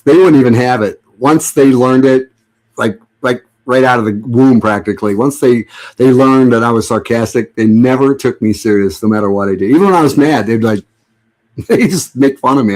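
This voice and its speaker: A man's voice: mid-range voice, moderate pace, a little mellow. A middle-aged man chatting casually to his stream viewers at home, sarcastic and joking, rambling with many restarts. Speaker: livestream host.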